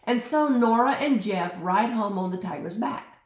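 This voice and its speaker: A woman reading a picture book aloud in an expressive, unhurried way. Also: on the high side, far from the mic. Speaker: storybook reader. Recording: roomy echo.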